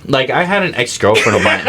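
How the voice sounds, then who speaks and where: A man's voice: medium pitch, very noisy. A young man co-hosting a casual comedy podcast, rambling through stories with lots of "like" and "dude". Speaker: podcast co-host.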